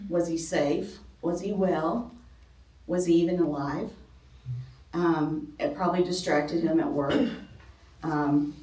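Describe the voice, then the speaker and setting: A woman's voice: low-pitched, warm tone. A middle-aged woman leading a ladies' Bible class in a church classroom, talking conversationally with many ums and some self-deprecating humor. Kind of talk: informal Bible class talk. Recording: roomy, distant from the mic.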